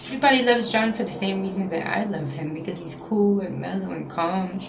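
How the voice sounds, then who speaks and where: A woman's voice: mid-range voice, fairly quick, vocal fry, roomy sound, noisy background. A woman in her late thirties with a New York accent, talking frankly and emotionally in a casual confessional vlog, often repeating her phrases. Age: 30s. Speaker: vlogger. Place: home, indoors.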